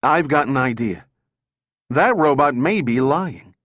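A man voicing an excitable young male engineer who talks in an urgent, raised way for an audiobook. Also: mid-range voice, measured pace, no room sound, muffled recording. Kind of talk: audiobook character reading.

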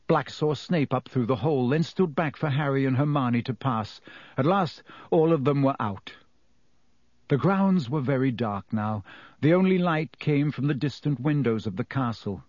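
Steady male audiobook narrator. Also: on the high side, no room sound. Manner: measured, steady storytelling. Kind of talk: scripted narration.

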